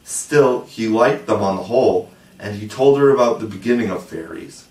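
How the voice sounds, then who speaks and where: A man narrating a classic children's novel as an audiobook, measured and gently expressive. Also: on the low side, far from the mic. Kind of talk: audiobook reading. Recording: roomy echo, voice set back from the mic.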